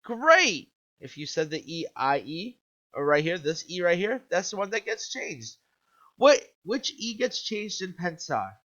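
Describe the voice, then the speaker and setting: The dull, lo-fi recording features a male Spanish teacher with a fairly high, somewhat bright voice. He runs an upbeat video lesson, asking "okay?" to check in and testing the viewer with questions.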